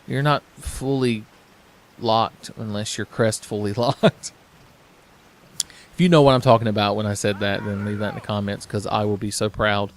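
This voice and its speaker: Sarcastic, profane gameplay commentator. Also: male voice, lowish voice, little pitch movement, moderate pace. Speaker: let's play commentator.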